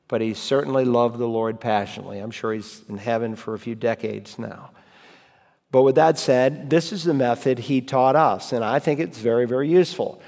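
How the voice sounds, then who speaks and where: A man teaching a Bible class in a relaxed, conversational way. He repeats key phrases and recites verses aloud to show how it is done. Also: medium pitch, normal speed, gravelly. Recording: reverberant hall.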